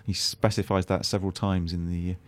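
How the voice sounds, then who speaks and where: A man's voice: low voice, little pitch movement, fairly quick. A man, a guest on a radio show, talking casually in a rambling, hesitant way with many restarts.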